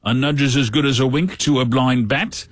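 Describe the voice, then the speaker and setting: A man's voice: mid-range voice, steady tone, moderate pace, no room sound, clean studio sound, close to an everyday voice. A man putting on a cheeky British innuendo voice. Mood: sly. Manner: winking, suggestive.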